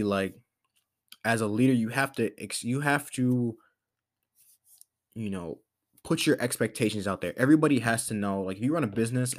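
A man hosting a podcast, talking in a casual motivational monologue, rambling with lots of fillers and restarts. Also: on the low side. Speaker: podcast host.

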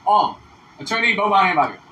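A brash man with a high, bright voice argues crudely in casual podcast chat. He sits back from the mic in an echoey room with a faint hiss behind. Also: expressive, fast. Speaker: podcast co-host. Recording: roomy, distant mic with faint noise.

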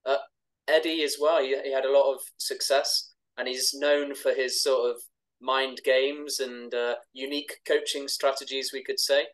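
A man hosting a podcast who asks measured, prepared-sounding interview questions. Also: mid-range voice, little pitch movement, fairly bright tone, rough recording. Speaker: podcast host.

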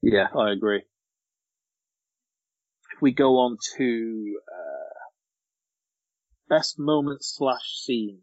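Male host, joking and rambling film chat, middle pitch, slightly dull audio. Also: drawn-out words, pauses often. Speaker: podcast host. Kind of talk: casual film review chat.

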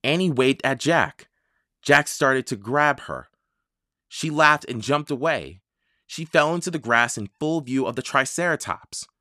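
A storyteller slowly and expressively narrating a children's audiobook. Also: medium pitch, expressive, sharp tone, no room sound, studio quality. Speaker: audiobook reader.

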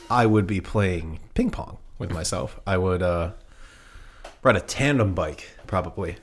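A young man co-hosting a casual comedy podcast, bantering in a jokey, animated way. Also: low-pitched, measured pace. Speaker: podcast co-host.

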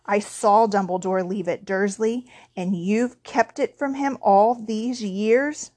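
A woman reading aloud, voicing a huge gruff half-giant man who booms and growls with a hot temper. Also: a little slow, darkish tone, close to an everyday voice. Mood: furious. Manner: booming, growling, indignant.

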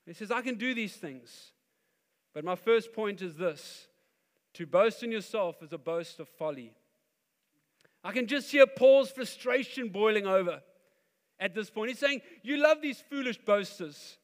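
A man preaching a sermon as pastor, animated and acting out the voices he quotes. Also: high voice, a little slow, pauses often. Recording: long hall reverb.

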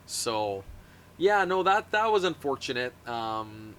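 Bright-voiced man, playful podcast chat. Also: mid-range voice, sing-song, slow. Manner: playful, breaks into loud impressions. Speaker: podcast co-host. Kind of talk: casual wrestling chat.

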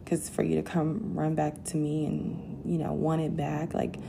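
Woman doing a story time vlog, kinda low gravelly voice, gets heated and indignant. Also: unhurried, background noise. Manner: candid and animated, outbursts of indignation. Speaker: vlogger.

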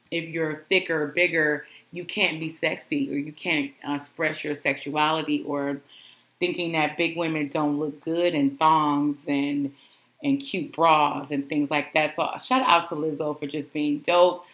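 A woman's voice: sits low, sharp tone, echoey room. A woman hosting a solo podcast, chatting in a gushing, rambling way. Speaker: podcast host.

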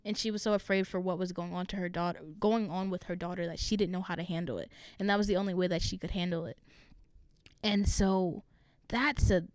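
Young woman college student, frank and open, smooth clear voice, dry close sound. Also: on the low side, fairly even intonation, a little mellow, dry recording. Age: young adult. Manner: open and frank, swears freely, fast asides. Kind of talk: candid personal conversation.

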